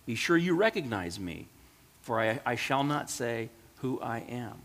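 A calm, mysterious voice from beyond, as a man storyteller puts it on, speaking slowly and solemnly. The pitch stays level at a middle height, and a long reverb hangs on every word. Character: mysterious divine male voice, calm.

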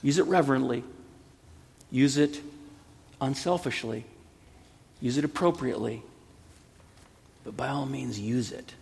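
A man in his fifties, a pastor preaching a sermon in an earnest, pleading way that builds to emphatic peaks, with a gravelly, husky voice. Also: medium pitch, measured pace, long pauses, a little mellow, big-room sound.

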